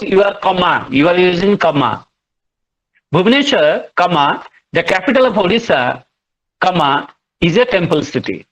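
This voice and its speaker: A man giving a classroom lecture, explaining slowly and repeating words as he goes. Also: sits high. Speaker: literature lecturer. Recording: muffled lo-fi recording.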